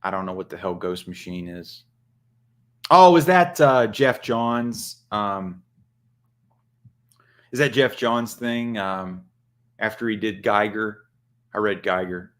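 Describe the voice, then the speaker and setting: Laid-back guy chatting on a stream, slow drawl, swears a lot. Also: fairly low pitch. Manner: laid-back, crude, laughs often. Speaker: comic shop owner and channel host. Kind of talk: casual livestream chat.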